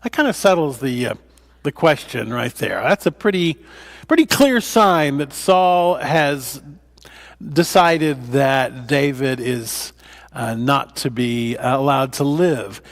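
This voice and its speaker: A man's voice: medium pitch, animated, slow. A man, a pastor, leading a Bible study in a conversational way, with fillers and restarts, acting out the scripture dialogue. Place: church.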